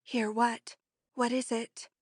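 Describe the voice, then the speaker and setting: A woman reading an audiobook, voicing a timid, frightened woman friend who speaks slowly, faintly and shakily. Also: on the high side, level tone, husky, no echo, studio quality. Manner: slow, faint, shaky.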